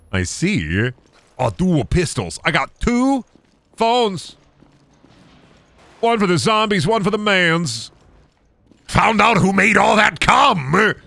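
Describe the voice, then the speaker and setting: A man's voice: mid-range voice, bright, forceful tone, no room sound. A young man streaming a game, riffing in crude, rambling jokes as he plays. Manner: joking, crude, rambling riffs. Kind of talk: let's play commentary.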